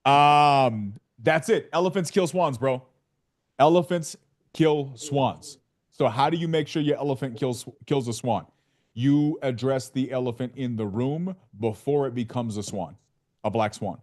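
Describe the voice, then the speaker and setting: A man's voice: medium pitch, normal speed. A man coaching a live training session on sales calls, emphatic and playful, acting out what he says to sellers. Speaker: real estate sales coach.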